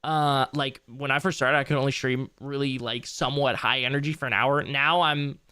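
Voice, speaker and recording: Dry and clear, this recording catches a young man with a mid-range, resonant voice, bright and forceful, speaking at a normal speed with fairly even intonation. Deep into a late, long stream, he rambles through casual commentary, tired and loose, swearing now and then.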